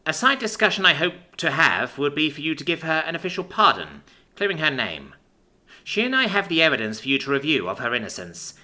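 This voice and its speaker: A poised, formal alien princess envoy, voiced by a male storyteller, speaking with firm courtesy in a raised pitch. The delivery is bright and swings across a wide range. It is a storybook voice. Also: wildly swooping pitch, brisk, heavily acted.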